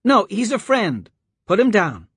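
A man voicing a frightened, stubborn little girl in a storybook, pleading in a high, strained way with a husky edge. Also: sing-song, measured pace, no room sound, heavily acted. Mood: urgent.

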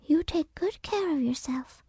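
A woman voicing a fussy, proud older mother who speaks slowly and flutteringly in a high, creaky, breathy voice. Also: warm tone, no room sound, clean studio sound. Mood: doting.

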